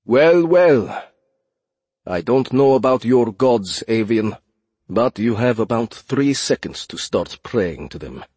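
A man's voice: deep voice, sing-song, a little slow, a little mellow, breathy edge, no echo, full character voice. A man voicing a confident, taunting male warrior with a monstrous hunger.

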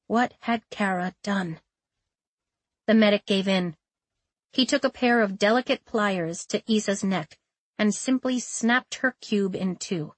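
A woman reading a novel aloud as narrator, in a steady, measured way. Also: mid-range voice, no echo. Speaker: audiobook narrator. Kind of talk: scripted narration.

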